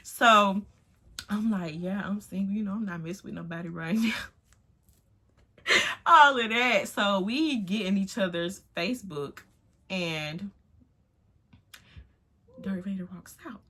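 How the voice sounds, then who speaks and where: Bright-voiced young woman telling a storytime. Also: mid-range voice, unhurried, pauses often. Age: 20s. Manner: animated, swings from hushed to loud exclamations. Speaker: vlogger. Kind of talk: casual storytime. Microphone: phone on tripod.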